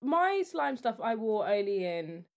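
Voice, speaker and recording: A woman co-hosting a casual fashion chat, animated and emphatic with slang. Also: fairly high pitch, a little slow. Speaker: podcast co-host.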